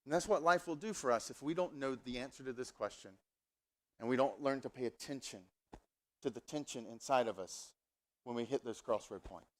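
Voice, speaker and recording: A man preaching a sermon at a church service, conversational and animated, telling stories in a casual way. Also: mid-range voice, brisk. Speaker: pastor.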